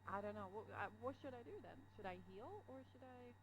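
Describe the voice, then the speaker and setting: A woman's voice: on the high side, quick pace. Hesitant woman player, faint hum. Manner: hesitant, unsure. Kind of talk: casual game chat.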